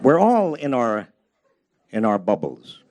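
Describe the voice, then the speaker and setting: A man's voice: medium pitch, wildly swooping pitch, takes it slowly, darkish tone, slight background noise. An older man giving a humorous, anecdote-filled talk about his book at a public library, storytelling with a self-deprecating edge. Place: public library event space.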